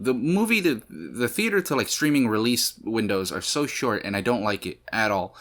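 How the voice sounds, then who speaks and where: Man with a fairly low voice, movie reaction host, rambling chatty intro full of restarts and mock rants. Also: big pitch swings, moderate pace, few pauses, fairly bright tone. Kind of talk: casual rambling vlog intro.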